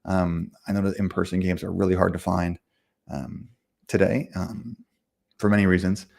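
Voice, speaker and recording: A deep, gravelly, slightly mellow male voice with little pitch movement belongs to a livestream host who owns a game company. On a casual stream he answers viewer comments about running games, bluntly and self-assuredly. He talks fast and rambles, full of fillers and restarts.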